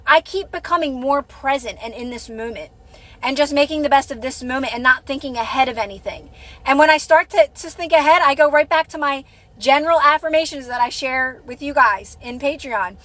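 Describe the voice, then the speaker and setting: A woman's voice: high-pitched, bright, forceful tone. A woman hosting a live stream, chatting casually and encouragingly with her viewers, rambling and restarting her sentences.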